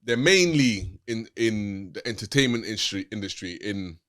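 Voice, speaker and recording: A man's voice: lowish voice, animated, moderate pace, fairly bright tone. A man, interviewing in laid-back, slangy casual chat.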